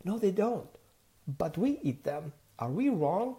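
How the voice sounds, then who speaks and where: A man from the Mediterranean, a dog trainer giving an animated teaching monologue full of rhetorical questions and acted-out dialogue. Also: high voice, measured pace.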